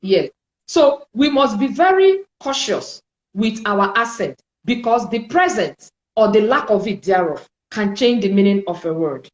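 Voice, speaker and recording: A woman teaching French in a spoken lesson, explaining slowly and deliberately and repeating sounds for her learners. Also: mid-range voice, sing-song, reverberant, highs cut off.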